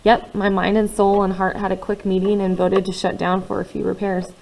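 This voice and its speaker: Expressive woman reading a first-person novel. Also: mid-range voice, a little fast, gravelly, poor audio. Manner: expressive, swinging between hushed and loud. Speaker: audiobook reader.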